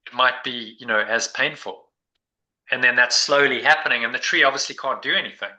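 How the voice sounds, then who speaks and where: Bright-voiced man musing. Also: mid-range voice, brisk, rough recording. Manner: meandering, reflective, many restarts. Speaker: meditation group leader. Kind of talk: casual spiritual discussion.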